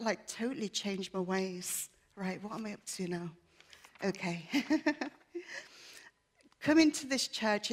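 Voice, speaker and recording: A woman giving a personal testimony to a church congregation, candid, chatty and self-deprecating, earnest and emotional. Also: mid-range voice.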